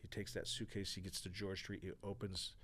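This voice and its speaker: A man's voice: low voice, little pitch movement, fairly quick, a bit bright, slight background noise. A man in his forties from California, a podcast guest telling a story with energy, acting out other people's lines and swearing freely. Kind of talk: storytelling interview.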